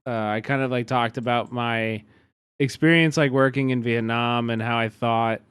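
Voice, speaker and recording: A man with a Kansas City accent, commenting casually and profanely on a video during a live stream, given to excitable bursts of mock outrage. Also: mid-range voice, moderate pace, smooth, no echo, studio quality. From Kansas City, USA.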